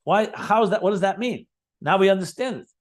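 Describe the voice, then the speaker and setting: A man's voice: sits high, brisk. A man teaching a Chassidic text, explaining it line by line, repeating key terms and adding enthusiastic asides. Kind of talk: Talmudic-style text study lesson.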